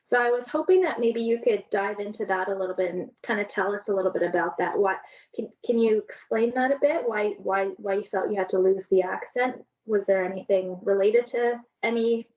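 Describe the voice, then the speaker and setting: A woman's voice: mid-range voice, a little fast, narrow, tinny audio. A woman hosting a panel talk, asking curious, probing questions.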